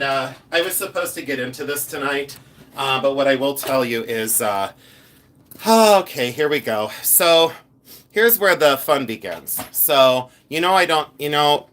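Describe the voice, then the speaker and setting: A man's voice: medium pitch, a bit bright. A middle-aged man chatting casually to viewers on a live stream as a jewelry reseller, playful and scattered, laughing often and breaking off mid-sentence.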